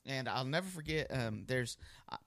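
A man's voice: mid-range voice, animated, normal speed, a bit bright, no room sound. A male pastor preaching a sermon in a loose, conversational way, full of ums and restarts.

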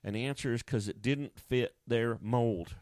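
A man's voice: mid-range voice, moderate pace, darkish tone, dry recording. A male pastor preaching a sermon in a folksy, conversational way, often restarting his sentences.

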